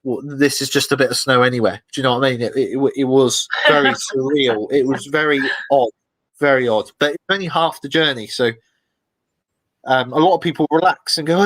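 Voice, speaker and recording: A man, the guest in an interview, telling lively anecdotes in a casual way and acting out the voices of people he quotes. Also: mid-range voice, brisk, dry recording, low-quality recording. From Britain. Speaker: expedition guest.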